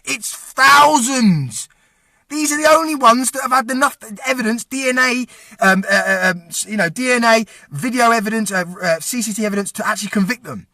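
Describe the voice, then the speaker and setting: A man's voice: very high-pitched, fast, pushed and bright, no room sound, studio quality. A young man giving an impassioned, angry, swearing rant straight to his viewers, calling them to act. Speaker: vlogger. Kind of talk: direct-to-camera rant.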